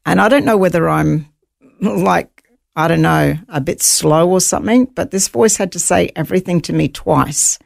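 A woman telling a guest story in a heavily gravelly, creaky voice, sounding dry and close to the mic. She talks in an animated way and retells each moment vividly. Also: lowish voice, normal speed, dry recording. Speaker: guest, author. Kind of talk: interview storytelling.

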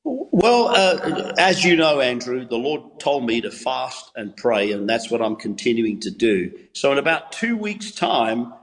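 A man's voice: medium pitch, very animated, measured pace, few pauses, long reverb tail, poor audio. A man, an English pastor and evangelist, giving a devotional on a Christian TV show in a preacherly, rhythmic style with repeated phrases. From England.

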